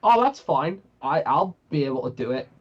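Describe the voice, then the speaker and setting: A man's voice: a little high, big pitch swings, moderate pace. A man of twenty co-hosting a podcast, joking and swearing through casual banter. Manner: jokey, swears, boastful banter. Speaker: podcast co-host. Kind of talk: casual chat. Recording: slightly dull lo-fi mic.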